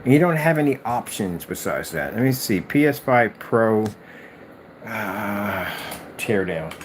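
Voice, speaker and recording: A man hosting a gaming video, ranting in exasperated, animated commentary and mocking imagined replies. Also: fairly low pitch, a little slow, a little hiss or hum. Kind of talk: ranting commentary over clips.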